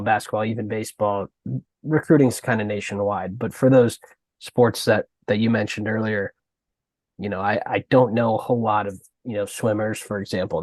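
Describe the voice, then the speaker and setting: A man's voice: fairly low pitch, dry recording. A man co-hosting a sports podcast, speaking casually and a bit hesitantly, with many "like" and "um" fillers. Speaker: podcast co-host.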